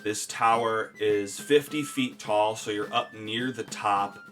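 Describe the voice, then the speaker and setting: A man's voice: fairly low pitch, slow pace, a bit bright, soft background music. A man narrating a tabletop game as game master, with a hesitant delivery full of fillers.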